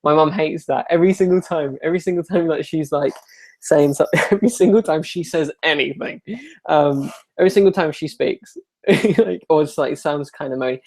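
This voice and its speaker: A man's voice: a little high, fairly even intonation, a little mellow. Rambling, joking young man. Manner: self-deprecating, rambling, quick with jokes. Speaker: YouTuber hosting a live Q&A. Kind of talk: casual live chat.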